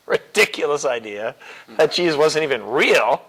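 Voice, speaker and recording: A man with a slightly high voice leads a church classroom lesson. He talks loosely and often chuckles, with plenty of fillers and false starts as he works through his points. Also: big pitch swings, unhurried, a bit bright, low-quality recording. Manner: casual and chuckling, many fillers and restarts. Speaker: apologetics teacher. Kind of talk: classroom lecture.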